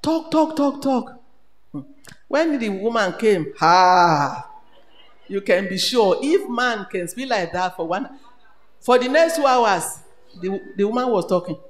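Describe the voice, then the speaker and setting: Animated Nigerian woman preaching. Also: medium pitch, measured pace. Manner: animated, switches between English, Pidgin and Yoruba. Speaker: retreat speaker. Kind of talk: sermon. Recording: echoey hall with long reverb.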